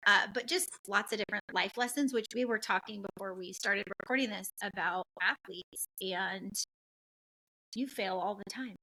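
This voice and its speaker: A middle-aged woman from the western United States hosting a podcast, telling stories in a lively, candid and blunt way. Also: medium pitch, normal speed, low-quality recording. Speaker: podcast host. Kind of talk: casual chat.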